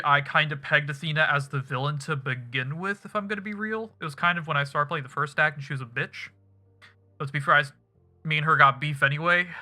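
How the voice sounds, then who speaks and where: With music playing behind him, a man closes out his game stream in a loose end-of-stream chat, rambling and cursing freely. His voice is fairly high-pitched and sharp.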